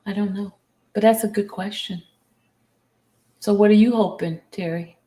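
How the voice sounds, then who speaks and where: A woman's voice: medium pitch, steady tone, normal speed, dark tone. A woman hosting a casual live stream from home, chatting and calling viewers into the conversation. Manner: chatty, teasing, calls out to viewers. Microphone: headphones with mic. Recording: roomy echo.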